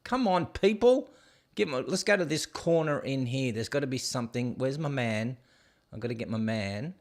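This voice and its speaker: A man's voice: mid-range voice, animated, moderate pace. A man hosting a casual show, rambling and joking as he stumbles over hard place names. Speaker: show host. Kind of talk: casual rambling video commentary.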